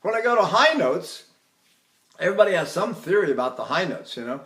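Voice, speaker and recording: An older man leads a singing lesson in a high, bright speaking voice. He explains technique and keeps breaking into sung syllables and short phrases to show what he means. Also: very animated, fairly quick. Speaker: voice teacher. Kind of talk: vocal technique lecture with sung demonstrations.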